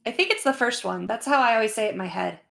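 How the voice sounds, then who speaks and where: A woman's voice: a little high, lively intonation, fast, vocal fry, a bit bright. A woman hosting a game stream, chatting casually with frequent ums and uhs as she wraps up. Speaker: host. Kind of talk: casual livestream wrap-up.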